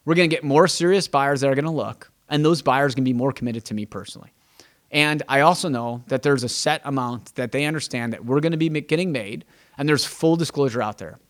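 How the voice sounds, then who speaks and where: Here a man speaks fast at a medium pitch, hosting a podcast in the role of a real estate agent. The monologue is casual and emphatic, with stumbles and repeated words as he thinks aloud, and he acts out quoted dialogue with clients.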